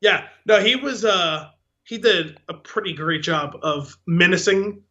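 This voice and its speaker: A man's voice: high-pitched, a little slow, bright, forceful tone, lo-fi sound. A man co-hosting a podcast in casual movie chat, acting out his own reactions. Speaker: podcast co-host.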